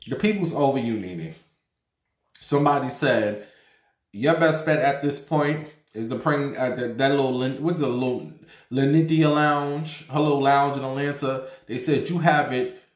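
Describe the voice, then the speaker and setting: A man's voice: mid-range voice, normal speed. A man from New York with a sassy, campy, profane manner, casually chatting about celebrity gossip as the host of his own vlog. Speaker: gossip vlogger. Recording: roomy, echoey home room.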